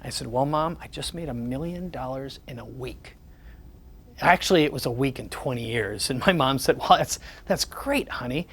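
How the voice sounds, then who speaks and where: A man's voice: medium pitch, normal speed, fairly bright tone, a little hiss or hum. A man giving a sales presentation, telling personal stories and acting out the conversations in them. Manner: storytelling, repeats the words of others in conversation.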